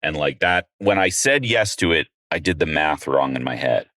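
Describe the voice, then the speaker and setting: A middle-aged man, a comedian guest on a podcast, telling stories in an animated, self-mocking way. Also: very deep voice, normal speed, no room sound, studio quality. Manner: animated, self-mocking storyteller who acts out quotes and laughs often. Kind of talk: casual storytelling chat.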